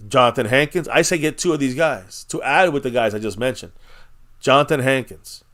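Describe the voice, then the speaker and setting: A man's voice: mid-range voice, fairly quick, a bit bright. A man hosting a casual live-stream chat, rambling and blunt, swearing freely and reading viewers' comments aloud.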